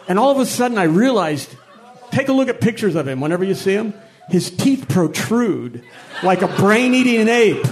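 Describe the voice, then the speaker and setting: A man's voice: high-pitched, a little hiss or hum. A man from Ohio, a musician guest telling rambling anecdotes and chuckling as he goes. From Akron, Ohio, USA. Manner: rambling, chuckles through his stories. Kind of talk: anecdotal storytelling.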